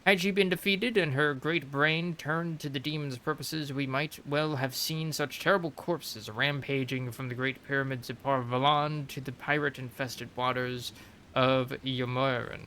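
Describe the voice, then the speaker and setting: Bright-voiced man reading game lore. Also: medium pitch, fairly even intonation, normal speed, a little hiss or hum. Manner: reads with emphasis, trips over strange names. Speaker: streamer.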